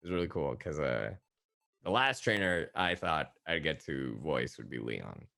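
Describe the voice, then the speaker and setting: A man's voice: extremely low pitch, animated, normal speed, vocal fry, bright, forceful tone. A man, a voice actor on a panel, telling a story in casual chat with stammered restarts.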